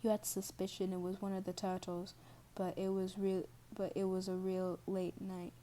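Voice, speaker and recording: A woman's voice: mid-range voice, monotone, moderate pace, dark tone, slight background noise. A woman reading a second-person fan story aloud, often stumbling and correcting herself as she goes. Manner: reads with restarts and self-corrections, stops to apologize. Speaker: fan fiction reader.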